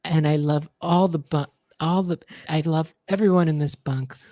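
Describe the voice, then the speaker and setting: A man putting on a soft, breathy male pop star who plays a drill sergeant, talking slowly and gently. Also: on the high side, fairly even intonation, dry recording, natural voice. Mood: gentle.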